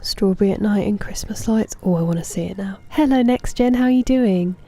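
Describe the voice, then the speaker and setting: A woman in her thirties, a game streamer, chatting casually while she plays, answering chat and muttering softly to herself. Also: mid-range voice, a little fast. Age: 30s.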